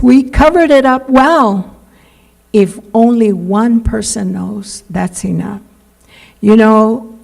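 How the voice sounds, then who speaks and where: A woman preacher delivers an earnest sermon in a church at an unhurried pace. Her voice is warm and dark with a gravelly edge. She pleads with her listeners and stretches out the words she wants to land. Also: medium pitch, poor audio. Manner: earnest, pleading, drawn-out emphasis. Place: church sanctuary.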